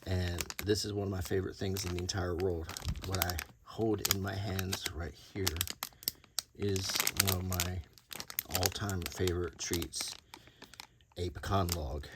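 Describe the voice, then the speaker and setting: A man from Alabama with a faint Southern accent, talking softly and unhurriedly in a show-and-tell video, with many ums and uhs. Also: low voice, background noise. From Alabama, USA. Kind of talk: soft-spoken unintentional ASMR show and tell.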